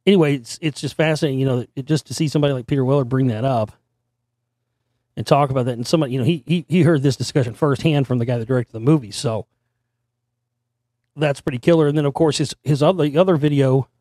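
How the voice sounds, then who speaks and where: A man with a hoarse voice hosting a show and rambling through a monologue, restarting and repeating words as he goes. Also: medium pitch, fast, mellow, no echo, clean studio sound. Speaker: host. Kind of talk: monologue to camera.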